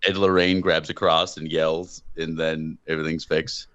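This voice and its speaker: A young man co-hosting a casual movie review podcast, animated, swearing and laughing often. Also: a bass voice, moderate pace, lo-fi sound. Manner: animated, swearing, breaks into laughter and mock voices. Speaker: podcast co-host.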